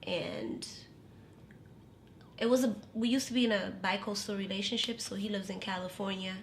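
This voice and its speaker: A woman in her late twenties, a podcast guest telling stories in a casual chat, animated and slangy, cussing freely. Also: medium pitch, moderate pace, slight background noise. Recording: roomy echo.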